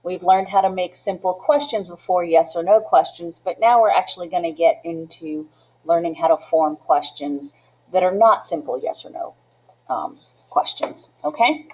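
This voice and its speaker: A woman walks a classroom through a Spanish lesson step by step, blending English with Spanish phrases and regularly asking "okay?" and "right?". Her voice is lowish and darkish in tone, her pace moderate, and the recording is rough.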